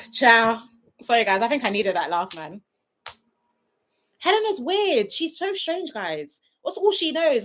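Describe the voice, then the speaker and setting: A lively woman hosts a reality TV review livestream in a casual chat, speaking with a high voice at moderate pace. She's animated, often breaks into laughter, and addresses viewers directly.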